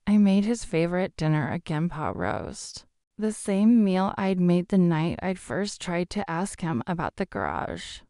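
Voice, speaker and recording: A woman narrating a first-person family story in a measured, scripted storytelling delivery. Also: lowish voice, darkish tone, dry recording, studio quality.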